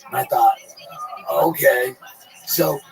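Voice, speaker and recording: A man's voice: mid-range voice, fairly even intonation, takes it slowly, creaky, music in the background, low-quality recording. Profane rambling man telling a story. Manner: profane, rambling, laid-back. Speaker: podcast guest. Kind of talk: casual crude storytelling.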